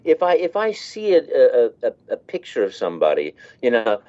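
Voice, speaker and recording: A man's voice: mid-range voice, animated, a little fast, hardly any pauses, darkish tone, lo-fi sound. A man who works as a voice actor, talking casually in an interview and laughing as he demonstrates voices.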